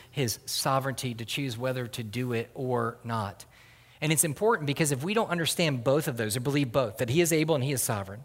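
A middle-aged man preaching a sermon as a pastor, earnest and building to emphatic peaks, often restarting his words. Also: mid-range voice. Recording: long hall reverb.

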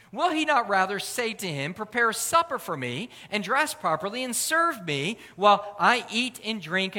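A man preaching a sermon in a relaxed, conversational way, with lively emphasis. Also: high-pitched. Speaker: pastor. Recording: long hall reverb.

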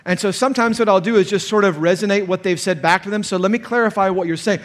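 This pastor gives a conference sermon fast, with hardly any pauses, in a voice that sits high for a man. He is animated, going loud and sharp when portraying those he quotes, while long reverb lingers on every phrase in the big hall.

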